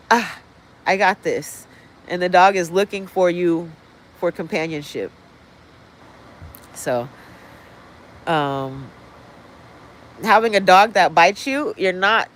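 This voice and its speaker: A woman's voice: fairly low pitch, poor audio. A woman hosting a livestream, talking in a blunt, profane, rambling way from indoors. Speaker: livestream host. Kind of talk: casual livestream rant. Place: indoors, apartment building.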